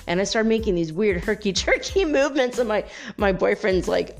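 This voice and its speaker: A woman hosting a spiritual podcast, telling a personal story in an animated, emotional way, often laughing. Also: medium pitch, moderate pace, gravelly, soft background music.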